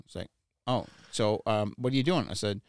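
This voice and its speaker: A man's voice: fairly low pitch, moderate pace, no room sound, clean studio sound. A man casually telling a personal story, blunt and profane, stammering and repeating words when worked up.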